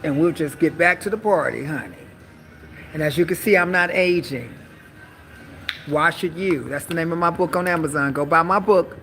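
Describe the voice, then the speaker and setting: A woman's voice: deep voice, moderate pace, fairly bright tone, slight background noise. A woman giving a sassy, bawdy comedy monologue on a live stream, calling listeners honey.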